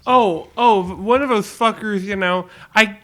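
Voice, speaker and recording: A man's voice: high-pitched, measured pace, a bit bright. A man co-hosting a podcast in casual chat, blunt and swearing freely. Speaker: podcast co-host.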